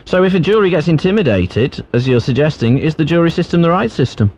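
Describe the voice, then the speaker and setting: A man hosting a late-night radio phone-in, moving callers along briskly. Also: on the high side, lively intonation, a little mellow. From Merseyside. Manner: brisk, cuts callers short. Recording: muffled radio broadcast with faint noise.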